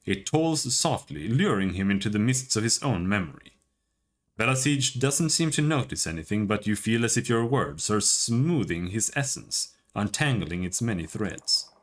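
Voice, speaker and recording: Low-voiced man reading a game aloud. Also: lively intonation, normal speed. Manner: dramatic, storytelling delivery. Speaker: game narrator.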